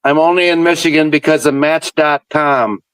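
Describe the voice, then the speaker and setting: A man's voice: fairly high pitch, steady tone, normal speed, a bit bright, smooth, dry recording, poor audio. Blunt man from Wisconsin, dry close sound. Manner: blunt, defensive, swears casually. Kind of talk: casual comedic banter.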